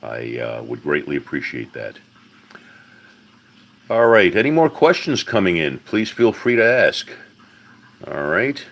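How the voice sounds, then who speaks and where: Low, bright-toned man hosting a car Q&A. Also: big pitch swings, unhurried, pauses often. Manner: folksy, fills with "all right" and "uh"; addresses viewers as folks and buddy. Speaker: host answering viewers' car questions. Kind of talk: live-stream Q&A.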